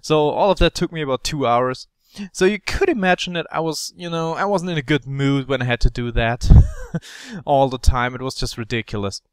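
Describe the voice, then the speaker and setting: A man's voice: mid-range voice, moderate pace, clean tone, no room sound. Young male gaming commentator; rambling, filler-heavy storyteller with a clean, close sound. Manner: rambling, animated, with many fillers. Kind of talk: casual storytelling over gameplay.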